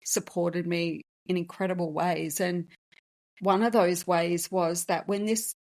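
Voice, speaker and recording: A woman's voice: on the low side, fairly even intonation, measured pace, a little mellow. A woman hosting a podcast, telling a personal story in a candid, emotional, conversational way. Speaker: podcast host and business founder.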